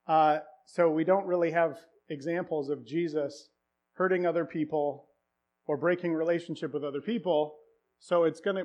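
A man's voice: on the high side, muffled recording. A man preaching a sermon through a self-deprecating personal story, casual and full of fillers.

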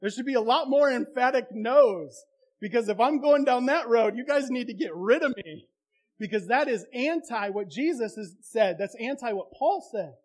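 A man's voice: very high-pitched, expressive, moderate pace, darkish tone. A man preaching a sermon as a pastor, conversational and impassioned by turns.

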